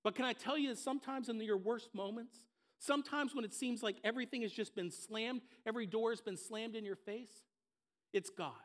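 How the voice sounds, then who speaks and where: A man preaching a sermon, telling a story with emphatic, repeated phrases and dropping soft at the low moments. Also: a little fast. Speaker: pastor.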